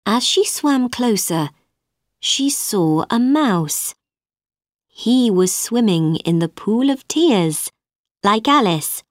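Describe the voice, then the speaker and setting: A woman narrating a storybook in a clear, deliberate reading voice meant for children. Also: medium pitch, animated, no echo, studio quality.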